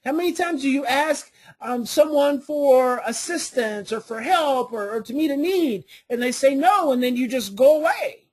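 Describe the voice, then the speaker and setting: A woman's voice: sits high, lively intonation, normal speed, hardly any pauses, darkish tone, husky. A woman giving a parenting coaching class, telling family stories and hammering points home by repeating them. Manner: storytelling with family anecdotes, emphatic repetition.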